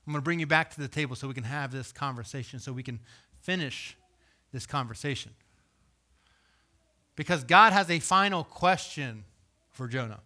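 A man preaching a sermon, reading scripture aloud and voicing questions, swinging from loud emphasis to hushed, low delivery. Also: normal speed, long pauses. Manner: reads scripture aloud and voices imagined questions. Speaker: pastor.

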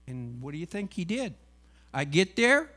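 A man's voice: fairly high pitch, sing-song, moderate pace, fairly bright tone. A man sharing a personal religious testimony, acting out the lines of everyone in his story with feeling. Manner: storytelling, acting out dialogue, emotional. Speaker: UPS driver and missionary.

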